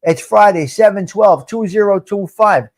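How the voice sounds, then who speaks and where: A middle-aged man hosts a live chat stream in a fairly high voice. He jokes around and talks straight to his viewers in a loose, chatty way. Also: normal speed. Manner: joking, chatty, addresses viewers directly.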